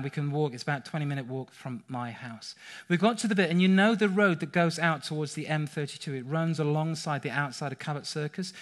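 A middle-aged man preaching a sermon, telling a personal story with animated, dramatic delivery. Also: a little high. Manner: animated storytelling, rising to cries at dramatic moments.

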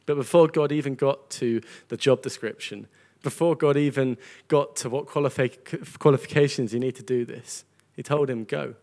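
A man's voice: mid-range voice, normal speed, darkish tone. A man preaching a sermon to a congregation, earnest and conversational, often repeating words as he goes. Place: church gathering with a congregation.

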